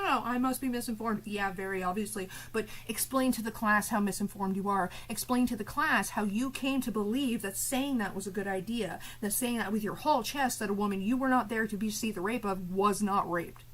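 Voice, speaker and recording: A woman's voice: medium pitch, brisk, few pauses, low-quality recording. A woman streamer ranting live at her chat, swearing and confrontational, with biting sarcasm.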